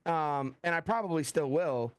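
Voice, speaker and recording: Man, middle-aged, American, animated storyteller, acts out dialogue, fairly high pitch, dry recording. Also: measured pace, clear, resonant tone, no room sound. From USA. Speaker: thriller author guest. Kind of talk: casual interview talk.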